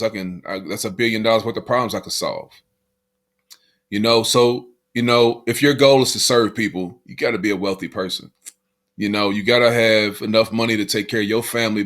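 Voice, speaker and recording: Low-voiced man musing on mindset. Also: fairly bright tone. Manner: motivational, repeats phrases, says "you know" a lot. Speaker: podcast co-host. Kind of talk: casual podcast conversation.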